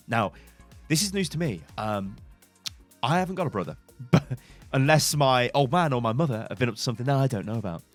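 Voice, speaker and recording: A man, hosting and commenting on gameplay as a coach, in an animated, theatrical way. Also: mid-range voice, faint music behind. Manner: animated, theatrical, quick to exclaim. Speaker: game coach and channel host.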